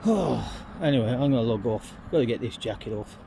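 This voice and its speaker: A man's voice: mid-range voice, expressive, brisk, creaky, dark tone, slight background noise. A man rambling through a casual walking vlog outdoors on town streets, chatting like a storyteller into a handheld phone. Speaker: vlogger.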